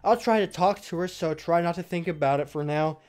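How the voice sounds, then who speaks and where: A man reading lines for a composed, polite club president girl in a soft, measured way. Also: a little high, lightly acted. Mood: gentle.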